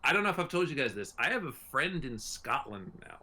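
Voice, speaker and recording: A man's voice: mid-range voice, very animated, a little fast, bright, forceful tone. A man hosting a podcast in casual group chat, rambling with frequent fillers and laughs. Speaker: podcast host.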